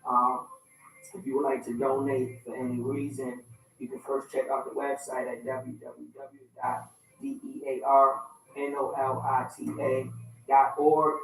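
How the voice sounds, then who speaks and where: A man co-hosting a talk radio show, talking in a relaxed, laid-back way from a studio. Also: mid-range voice, measured pace, creaky. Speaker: radio co-host. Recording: roomy, distant mic, faint noise.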